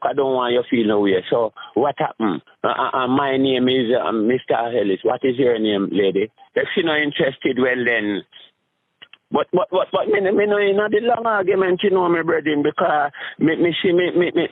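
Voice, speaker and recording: A Jamaican man rambles through comic stories, swinging up into squeaky voices when he acts out a scene. His voice sits a touch high. The sound is dry and tinny, like a phone line. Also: dry recording. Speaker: street comedian.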